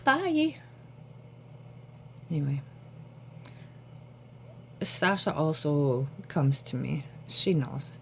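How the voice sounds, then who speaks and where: Low, mellow woman rambling to camera. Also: slight background noise. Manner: rambling, jumps between thoughts. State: short on sleep. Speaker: vlogger. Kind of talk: casual talk to camera. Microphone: phone camera.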